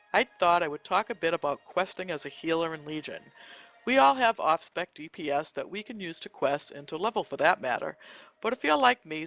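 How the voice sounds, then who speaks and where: Gravelly man presenting a gaming segment. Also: fairly high pitch, a bit bright. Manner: friendly read with small hesitations. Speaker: podcast healing segment presenter. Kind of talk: scripted gaming tips segment. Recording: dull lo-fi recording.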